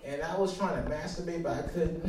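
A man doing a stand-up routine, telling a loud, animated story and mocking other people in put-on voices. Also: fairly high pitch, normal speed, noisy background. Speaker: stand-up comedian. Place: comedy club stage. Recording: echoey room, far mic, crowd. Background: audience laughter.

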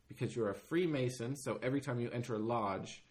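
A man's voice: medium pitch, fairly quick. A man hosting a casual podcast, talking loosely and rambling, with plenty of swearing. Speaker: podcast host.

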